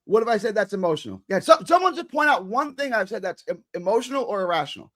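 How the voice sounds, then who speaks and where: A man arguing loudly and combatively with chat comments on a live stream. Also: high voice, big pitch swings, quick pace. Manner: combative, argumentative, loud. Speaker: regular show guest. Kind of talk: heated live-stream talk.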